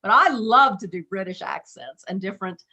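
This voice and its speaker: A woman's voice: mid-range voice, lively intonation, normal speed, bright, forceful tone. A woman, a stage actor, chatting upbeat and giggly on a video call. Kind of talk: casual video call chat.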